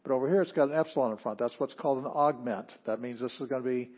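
A man's voice: mid-range voice, quick pace, breathy edge, lo-fi sound. A man teaching an introductory Greek class, explaining step by step and often restarting his phrases. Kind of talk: classroom lecture.

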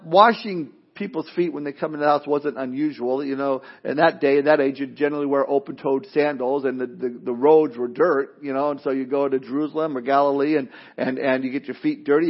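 A man preaching a sermon in a conversational, animated way, with asides and playful mock voices. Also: mid-range voice, dull audio. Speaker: pastor.

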